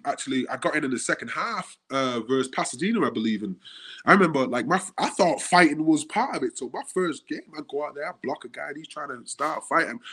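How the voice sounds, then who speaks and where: A man from the UK, a guest on the show, telling animated stories in casual chat and acting out the quotes. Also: a little high, slightly rough. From United Kingdom. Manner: animated storyteller, acts out quotes.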